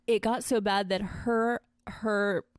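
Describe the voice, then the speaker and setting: Woman, smooth clear voice, dry close mic, frank profane storytelling. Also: mid-range voice, fairly even intonation, slow, no room sound. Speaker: podcast co-host. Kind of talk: casual podcast chat.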